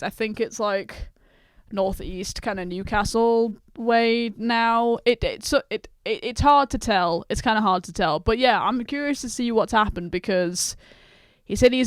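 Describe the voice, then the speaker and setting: A woman with a high, smooth voice chatting her way through reaction commentary. She rambles and laughs easily. It sounds close to the mic and dry. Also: normal speed, no echo. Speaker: reaction YouTuber.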